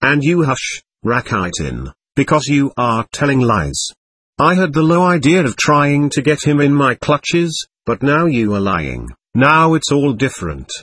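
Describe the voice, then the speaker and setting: A man's voice: medium pitch, very animated, unhurried, fairly bright tone, husky, no room sound, exaggerated voice. Man reading as an impulsive, emotional young woman. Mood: heated. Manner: pleading and self-reproachful.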